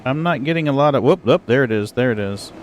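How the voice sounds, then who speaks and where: A man's voice: mid-range voice, expressive, fast, slight background noise. A middle-aged man hosting a livestream, chatting casually with viewers in a rambling, chatty way full of exclamations. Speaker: livestream host. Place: home computer setup.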